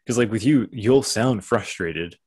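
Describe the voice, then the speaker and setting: A man appearing as a podcast guest, speaking calmly and explaining his thoughts carefully. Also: lowish voice, unhurried, breathy edge. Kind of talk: casual conversation.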